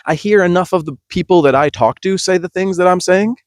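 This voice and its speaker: A man's voice: sits high, brisk, dry recording, studio quality. A man, a yoga teacher, giving an emphatic, passionate podcast monologue with frequent restarts.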